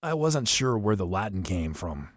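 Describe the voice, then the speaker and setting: A man reading an adventure novel aloud as an audiobook narrator, telling the action briskly in the first person. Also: lowish voice, sing-song, dry recording, clean studio sound. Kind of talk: scripted storybook narration.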